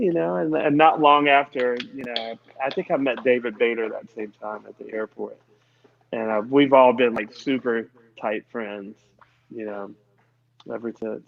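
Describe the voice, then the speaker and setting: Relaxed man rambling over dull lo-fi audio. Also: mid-range voice, unhurried, gravelly. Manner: relaxed, rambling, many fillers. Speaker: musician guest. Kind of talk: casual storytelling chat. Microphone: earbuds.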